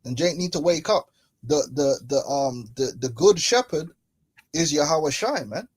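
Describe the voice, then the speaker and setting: A man's voice: a little high, lively intonation, unhurried, darkish tone, slightly rough, dry recording. A man hosting a casual religious commentary, talking in slangy, mocking, preachy tones and laughing often. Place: London.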